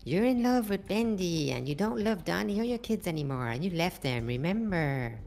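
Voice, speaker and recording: A woman's voice: big pitch swings, moderate pace, a little mellow. A woman voicing a sly, scheming male ink demon in a Minecraft role-play, coaxing and sinister. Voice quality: gravelly low voice.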